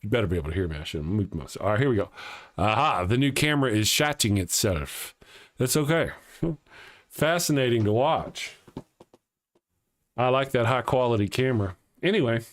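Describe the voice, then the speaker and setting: A man's voice: medium pitch, animated, normal speed. A man hosting a casual live morning show, reading viewer comments aloud and joking, often chuckling as he talks.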